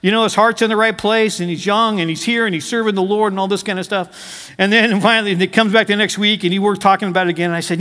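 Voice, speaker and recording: A man's voice: high-pitched, fairly even intonation, rapid-fire, bright, forceful tone. A middle-aged male pastor giving a conversational sermon, full of stories and asides to the congregation. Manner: conversational, anecdotal preaching with asides. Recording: hall reverb.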